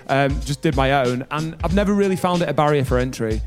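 A man with a Yorkshire accent, a rapper guest in a casual chat, relaxed and swearing freely. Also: medium pitch, brisk, few pauses, faint music behind. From Yorkshire, England.

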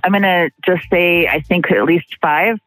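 A woman's voice: lowish voice, fairly bright tone, low-quality recording. Woman recalling a frightening night. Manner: halting, many fillers and restarts. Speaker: interviewee, partner of the accused. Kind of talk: emotional first-person recollection.

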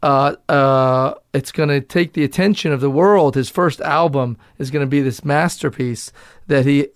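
Boston guy chatting loose and candid in an interview, swears a lot, clear smooth voice. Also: medium pitch, normal speed, no echo, studio quality. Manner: candid, loose, profane, laughing easily. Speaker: actor and director guest. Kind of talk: casual interview talk.

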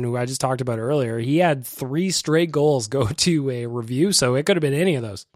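A man's voice: on the high side, no room sound, clean studio sound. A man hosting a casual podcast, laughing often as he reacts to listener voicemails. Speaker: podcast host.

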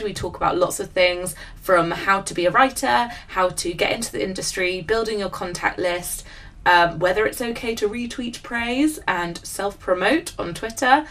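A woman's voice: mid-range voice, bright, forceful tone. A young adult British woman hosting a podcast in casual chat, gushing and enthusiastic. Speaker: podcast host.

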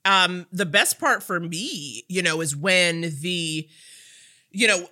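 A woman co-hosting a podcast, expressive and playful in casual chat. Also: lowish voice, slow pace. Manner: expressive, playful, lots of fillers. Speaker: podcast co-host.

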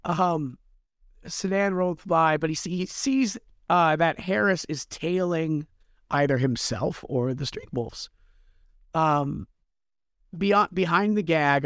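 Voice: no room sound, clean studio sound. A podcast co-host recapping a book in a playful, jokey way. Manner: playful, jokey, swoops in pitch. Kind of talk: casual book podcast chat.

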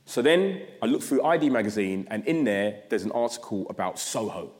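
A man from South London with a London accent, giving an address as a guest speaker. He tells his story in an animated way and acts out his own past thoughts. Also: lowish voice, brisk. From South London, England. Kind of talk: storytelling talk. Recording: long reverb of a large hall.

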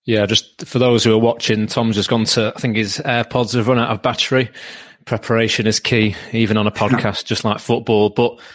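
A man's voice: mid-range voice, no echo. A man hosting a podcast, reading out prepared stats and questions to his guest. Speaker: podcast host. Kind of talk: podcast interviewing.

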